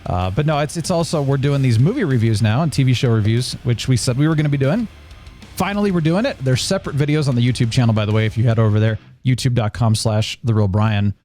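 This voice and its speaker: A man hosting a podcast, chatting casually and rambling with animated storytelling. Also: mid-range voice, fast, faint music behind. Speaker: podcast host. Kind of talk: casual chat.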